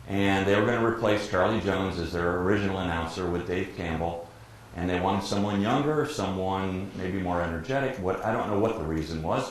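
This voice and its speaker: Older man spinning stories in an echoey hall. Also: low-pitched. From Detroit, USA. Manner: lively storyteller who acts out quotes and laughs often. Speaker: guest speaker, professional sportscaster. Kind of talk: anecdotal storytelling talk. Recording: very echoey room, faint background noise.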